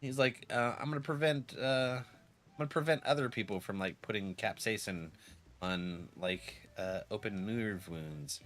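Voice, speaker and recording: A man's voice: on the low side, unhurried, fairly bright tone, a little hiss or hum. A man streaming a game and chatting casually, laughing often and acting out his friends' lines, while getting over a cold. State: has a cold. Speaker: gaming streamer.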